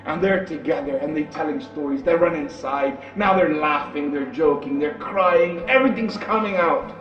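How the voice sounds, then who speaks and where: A preacher telling a story in an animated, dramatic way and acting out the characters, in an echoey, distant, muffled recording with music behind. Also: male voice, on the high side, moderate pace.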